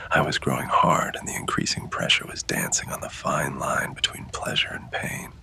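A man in a whispered role-play, his voice pitched extremely low and full of gravel, breathy and close yet crisp at the edges. he narrates intimately in first person, never raising it above a hush. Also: sing-song, normal speed.

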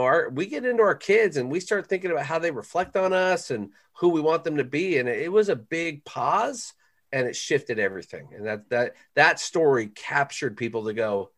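A middle-aged man, a parenting author appearing as a podcast guest, telling a personal story in an animated, heartfelt way and often saying "man". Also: fairly high pitch.

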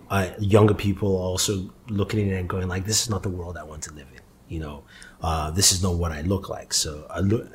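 A man who spent time in Nigeria, talking in a measured, reflective way in a casual conversation. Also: lowish voice, husky. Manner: measured, reflective, sometimes deadpan.

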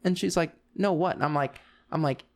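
A man's voice: fairly high pitch, fairly even intonation, brisk, vocal fry. A middle-aged man co-hosting a podcast, telling stories in a casual, amused way and often repeating himself. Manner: storytelling, amused, repeats "I'm like". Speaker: podcast co-host. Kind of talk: casual chat.

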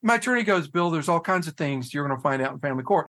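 Animated man telling his story, swearing freely. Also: a little high, quick pace. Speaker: guest, head of a fathers' nonprofit. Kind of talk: casual podcast conversation.

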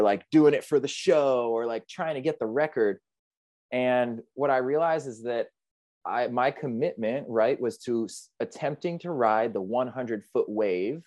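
A surfer, a man with a mid-range, darkish voice, appears as a guest on an interview podcast, recorded with no echo. He retells nearly drowning in vivid, earnest, reflective terms, an emotional story shared in the interview.

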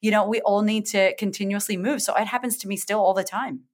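A woman's voice: medium pitch, fairly even intonation, fast talker. A middle-aged woman, a confidence coach, telling stories expressively in a casual interview, acting out her own thoughts and laughing often. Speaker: confidence coach, podcast guest. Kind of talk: animated storytelling in casual interview.

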